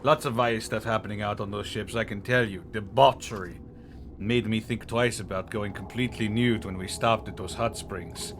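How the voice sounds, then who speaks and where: A man's voice: fairly low pitch, steady tone, moderate pace, a bit bright. A man reading as a rambling rogue oddball. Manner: rambling, matter-of-fact storytelling. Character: rambling oddball male rogue, thief and songwriter. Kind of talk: reading game dialogue aloud. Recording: noisy background hiss.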